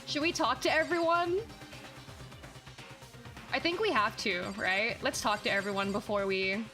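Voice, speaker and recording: A woman's voice: a little high, measured pace, bright, forceful tone, soft background music. A woman giving casual, playful gameplay commentary, laughing often and swearing casually. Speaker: let's play streamer.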